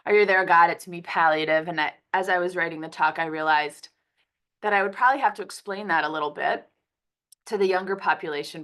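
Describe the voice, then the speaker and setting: Woman from Philadelphia, physician, has a cold, fairly low voice, conversational online lecture. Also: a bit bright. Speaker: physician giving a palliative care lecture. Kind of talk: webinar presentation.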